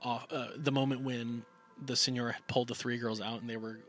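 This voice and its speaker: A man's voice: mid-range voice, little pitch movement, a little fast, fairly bright tone, slight background noise. A man casually retelling a film's plot for a review podcast, rambling with lots of fillers and acting out the characters' lines. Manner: rambling, filler-heavy retelling with acted-out quotes. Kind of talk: casual film plot recap.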